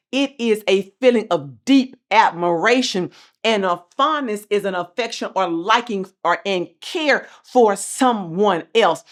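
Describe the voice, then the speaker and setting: A middle-aged woman giving a motivational speech as host, repeating phrases with an emphatic, preacher-like cadence. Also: medium pitch. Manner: swings from soft and calm to loud and passionate. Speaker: motivational speaker and show host.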